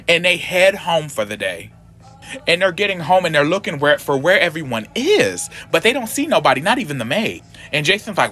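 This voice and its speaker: A man's voice: fairly high pitch, expressive, fairly quick, pushed and bright. A man recapping a comic in a casual, sassy, profane and gossipy way.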